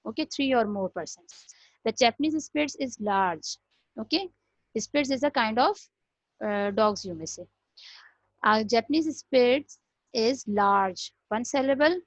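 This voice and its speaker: A woman's voice: on the high side, no room sound. A woman teaching a grammar lesson, explaining step by step and repeating "okay" often. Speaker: English teacher. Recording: dry, dull lo-fi recording.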